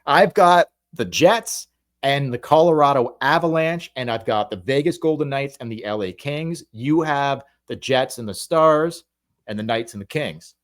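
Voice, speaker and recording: A man co-hosting a hockey podcast, making playoff predictions in casual, animated chat. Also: mid-range voice, unhurried. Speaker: podcast co-host.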